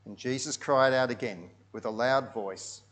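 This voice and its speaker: A man delivers a sermon as a vivid story, walking listeners through pictures on screen. His voice sits at an ordinary middle pitch. He sinks to near-hushed tones for solemn moments and swells loud for the big ones. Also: moderate pace. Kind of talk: sermon narrated over pictures.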